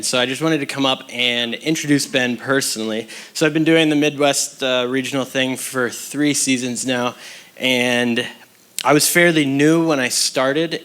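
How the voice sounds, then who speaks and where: A man makes relaxed, casual remarks from the stage. His voice is bright and forceful, and he talks in an easygoing way with plenty of filler words. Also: mid-range voice, smooth. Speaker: regional director introducing a successor.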